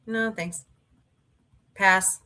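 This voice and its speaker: A woman's voice: mid-range voice, steady tone, very slow, sharp tone. A middle-aged woman hosting a livestream, chatting casually with viewers and telling rambling stories with mild swearing. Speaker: livestream host. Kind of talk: casual chat reading viewer comments.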